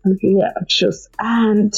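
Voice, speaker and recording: A young woman with a Nigerian accent tells a personal story in a casual vlog. She is animated and emotional, with sudden exclamations. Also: medium pitch, a little slow, creaky, breathy edge, dull audio, soft background music. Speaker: vlogger.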